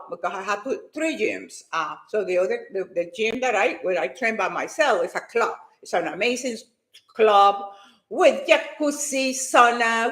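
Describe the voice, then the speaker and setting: A high-pitched woman tells a personal story, so excited that she trips over her words and restarts sentences. Her voice rings out in an echoey room. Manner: animated, fast and excitable with restarts. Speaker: fitness and motivation speaker.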